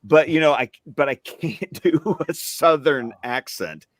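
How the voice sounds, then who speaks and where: A man's voice: on the high side, expressive, measured pace, no echo, studio quality. A man from the US South chatting casually on a panel, rambling through stories in a trained, neutral stage voice. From Alabama, US South. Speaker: film podcast panelist.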